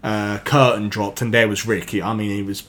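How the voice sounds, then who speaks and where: A man, a podcast guest, telling anecdotes in casual chat, animated, swearing freely and laughing as he goes. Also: lowish voice, moderate pace.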